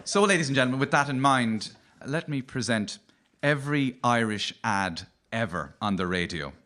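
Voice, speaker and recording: A man's voice: mid-range voice, normal speed. A man with a light Cork accent doing wry stand-up comedy as the host of a radio show. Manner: wry, lively comic delivery. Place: radio studio with live audience.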